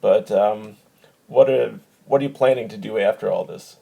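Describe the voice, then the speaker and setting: A man hosting a podcast, telling stories and asking questions in a relaxed, easygoing way. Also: fairly low pitch, moderate pace, creaky, husky, phone-quality sound. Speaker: podcast host. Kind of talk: casual chat and storytelling.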